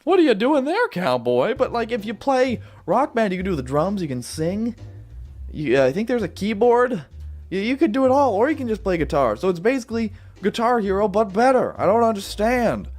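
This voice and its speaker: A man's voice: big pitch swings, a little fast, a little mellow. Goofy guy riffing over a game, voice bouncing all over, bit of music faint behind. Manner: playful, jokey, big sudden pitch jumps. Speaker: gaming video host. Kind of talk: casual gameplay commentary. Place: apartment. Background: neighbor's music.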